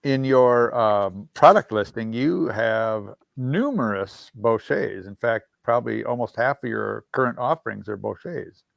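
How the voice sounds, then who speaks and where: A man co-host with a gravelly voice, recorded dry. He makes dry, measured remarks during the chat. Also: mid-range voice, expressive, no echo. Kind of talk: casual chat.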